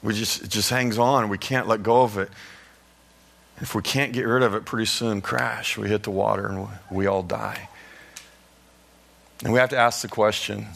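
A male pastor giving a sermon in a conversational, storytelling manner, with lively asides to the congregation. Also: lowish voice, vocal fry.

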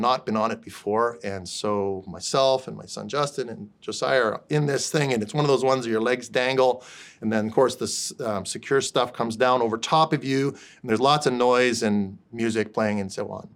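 A male pastor preaching in a relaxed, conversational way. He keeps checking that his listeners are following him, mixing scripture with everyday stories. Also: medium pitch, moderate pace. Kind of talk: sermon.

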